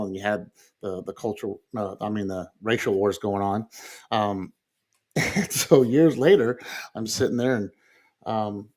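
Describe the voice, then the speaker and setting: A middle-aged man chats as a podcast guest, spinning family stories with fillers and easy chuckles. His voice sits at an ordinary middle pitch. He slips into lively mimicry of the people he describes. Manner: animated storyteller who acts out quoted voices, with frequent fillers and chuckles. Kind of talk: casual conversational storytelling.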